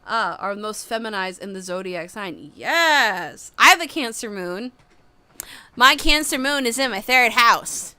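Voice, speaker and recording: A woman's voice: fairly high pitch, expressive, a little slow, bright, forceful tone, clear, resonant tone. A woman giving a casual livestream tarot reading into a webcam, chatty, rambling and frank. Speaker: tarot reader.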